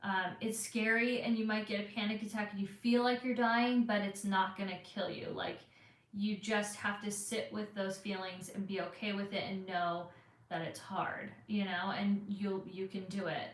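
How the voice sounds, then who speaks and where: A woman's voice: mid-range voice, flat delivery, normal speed. Chatty so-cal girl on a livestream, lots of ums, roomy echo. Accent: Southern Californian. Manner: chatty, rambling, many fillers. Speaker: vlogger answering live chat. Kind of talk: casual live-stream chat. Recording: echoey room.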